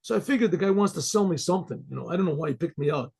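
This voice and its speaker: A rabbi telling a story in a rambling, animated way, full of restarts, over a computer mic on a video call. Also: male voice, on the high side, rapid-fire, gravelly, slightly rough. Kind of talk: storytelling talk.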